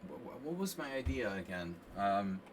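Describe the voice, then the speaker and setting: A man casually commenting on chess games during a live stream, rambling and animated with lots of filler words. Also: lowish voice, moderate pace. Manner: rambling and animated, frequent "like" and "you know". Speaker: chess coach streaming a lesson. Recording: distant mic with faint background hiss.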